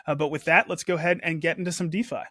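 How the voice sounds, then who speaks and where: A man hosting a casual weekly crypto news chat, running briskly through market figures. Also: fairly high pitch, steady tone, pushed and bright, dry recording, clean studio sound. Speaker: host.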